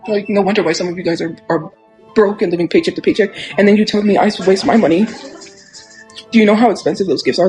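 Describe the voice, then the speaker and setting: A young man with a high voice talks quickly and casually into his phone on a livestream. He rambles and gets defensive as he answers viewer comments, with faint music behind him. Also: a little mellow, poor audio.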